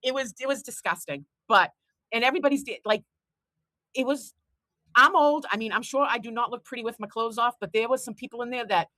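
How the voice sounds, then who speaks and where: A woman's voice: on the high side, brisk, bright, forceful tone, no room sound, poor audio. A woman, chatting bluntly and telling stories as a show host. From Boston. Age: 50s. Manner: chatty storyteller, blunt and profane. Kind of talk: casual chat on a livestream.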